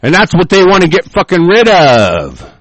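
A man hosting a show, reading aloud with halting fillers and breaking into profane, furious rants. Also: sits high, wildly swooping pitch, no room sound, poor audio. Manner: hesitant, many fillers while reading.

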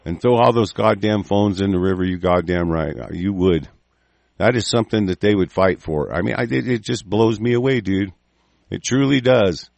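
A man's voice: on the low side, moderate pace, gravelly, a little mellow, no room sound. A man hosting a talk show, ranting angrily with constant swearing and rambling restarts. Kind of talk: profane political rant.

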